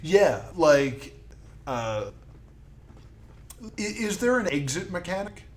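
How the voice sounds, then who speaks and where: Slow-talking man at a tabletop game. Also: fairly high pitch, very animated. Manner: halting, many fillers and restarts. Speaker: player and host. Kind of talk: casual tabletop role-play.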